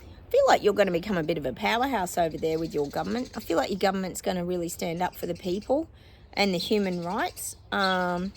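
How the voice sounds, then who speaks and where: A woman's voice: lowish voice, a little fast, a little hiss or hum. A woman with an Australian accent, a psychic chatting casually to her viewers in a meandering way, laughing often and drawing words out. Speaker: psychic giving predictions. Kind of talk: casual rambling monologue to viewers.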